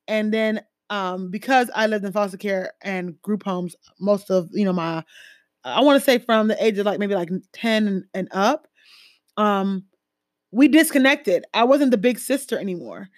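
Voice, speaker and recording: Woman from a jamaican family just talking, lots of um and like, kinda high voice, dry close mic. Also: no room sound. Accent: American with Jamaican-family roots. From Caribbean, Jamaican family. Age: adult, a mother. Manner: conversational, lots of fillers, animated emphasis. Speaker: speaker sharing personal stories. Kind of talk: casual personal talk.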